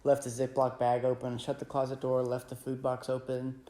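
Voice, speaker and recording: A man's voice: mid-range voice, monotone, moderate pace, dark tone. A man vlogger chiming in on a shared story with laid-back, dry remarks. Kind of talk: casual storytelling to camera. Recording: roomy echo.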